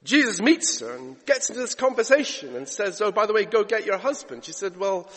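A man's voice: sits high, sing-song, a little fast, a bit bright, breathy edge, in a large hall. A man preaching a sermon as pastor, retelling scripture stories in a conversational way that builds to emphatic preaching. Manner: storytelling, rising to emphatic preaching. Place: church.

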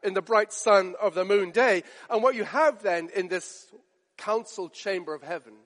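A man's voice: high voice, moderate pace, fairly bright tone. A man preaching a sermon in an earnest, emphatic way, repeating phrases for effect. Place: church. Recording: long reverb of a large church.

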